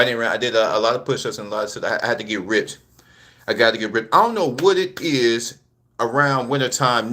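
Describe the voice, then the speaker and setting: A man's voice: on the low side, fairly bright tone, a little hiss or hum. A man hosting a casual live commentary vlog, laid-back and a little out of breath, repeating himself and talking straight to his viewers. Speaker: channel host.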